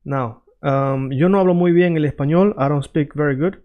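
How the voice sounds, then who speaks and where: Brief: male language teacher with a slightly high voice, casual and chatty, keeps asking "right?" while drilling phrases. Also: phone-quality sound. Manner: conversational, checks in often with "right?" and "all right?"; repeats phrases slowly to drill them. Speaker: Spanish teacher. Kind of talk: casual freestyle language lesson.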